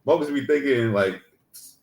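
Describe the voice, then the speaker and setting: A man's voice: medium pitch, a little fast, reverberant. A young man co-hosting a podcast, telling stories with lots of laughter and casual profanity. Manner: laughing, animated storytelling, profanity. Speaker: podcast co-host. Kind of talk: casual chat.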